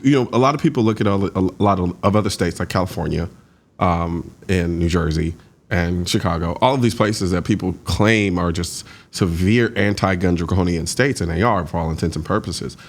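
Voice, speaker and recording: A man hosting an interview, asking animated, incredulous questions with frequent restarts. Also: low voice, moderate pace. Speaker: host.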